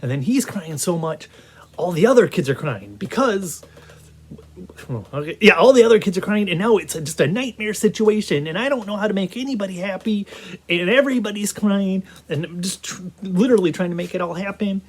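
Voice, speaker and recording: A man giving a casual video game review, talking in an animated, rambling way full of restarts. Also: high voice, a little fast, husky.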